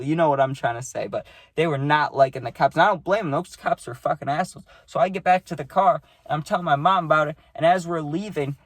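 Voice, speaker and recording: A man's voice: fairly high pitch, dry recording. A man casually telling a story in a rambling way, with lots of fillers and tag questions, and blunt, profane wording.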